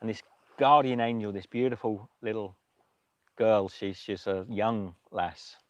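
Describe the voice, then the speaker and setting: A man hosting a livestream, telling a story in a casual, emotional way with many halting restarts. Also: lowish voice, dry recording, highs cut off. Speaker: livestream host.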